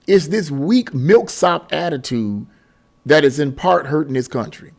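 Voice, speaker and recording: A man vents to his viewers in a casual commentary monologue, exasperated and preachy, circling back to the same points. His voice swoops up and down with a lively, fairly high pitch, and he breaks into short laughs between remarks. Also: measured pace, gravelly. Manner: laughs mid-sentence. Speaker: political commentary vlogger.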